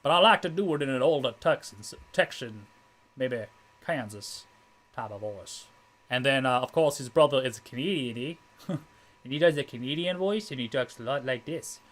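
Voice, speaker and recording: A man's voice: mid-range voice, animated, moderate pace, a bit bright. A man streaming a game, chatting casually and rambling, often restarting his sentences. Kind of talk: casual let's-play commentary.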